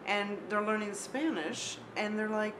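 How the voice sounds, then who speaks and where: A woman's voice: mid-range voice, fairly even intonation, a little slow. A middle-aged woman hosting a radio talk show, upbeat and enthusiastic as she interviews a guest. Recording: radio recording with background noise.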